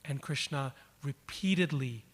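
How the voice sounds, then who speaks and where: A man delivers a devotional lecture in a storytelling way, repeating words for emphasis. His voice sits at an ordinary middle pitch. A long reverb from the hall trails behind him. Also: measured pace, slightly rough. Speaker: speaker. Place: event hall.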